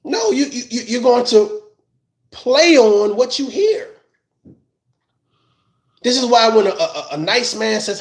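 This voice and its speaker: A man giving a heated, scolding commentary rant, loud and emphatic, often laughing as he talks. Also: very high-pitched, expressive, slow, long pauses, reverberant. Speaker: commentary vlogger.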